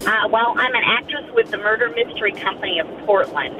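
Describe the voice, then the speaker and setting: Woman guest, casual chat; bright, straightforward storyteller. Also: on the high side, fairly quick, recorded from a distance, low-quality recording. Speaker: guest, murder mystery actress.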